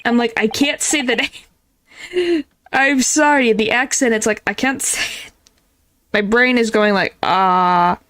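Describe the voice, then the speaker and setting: A woman's voice: on the high side, unhurried, long pauses, fairly bright tone. A young woman streamer chatting casually about a game, giggly and self-deprecating as she stumbles over names. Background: faint game music.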